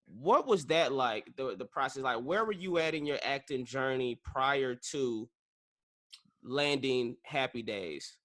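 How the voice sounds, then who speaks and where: A man hosting a podcast, asking questions in a relaxed, casual way with halting restarts. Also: mid-range voice. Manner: easygoing, with hesitant restarts. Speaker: podcast host. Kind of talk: casual interview.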